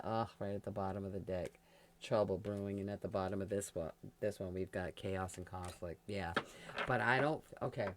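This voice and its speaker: A woman giving a casual tarot reading, chatty and quick to laugh, talking straight to the sign she reads for. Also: a bass voice. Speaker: tarot reader.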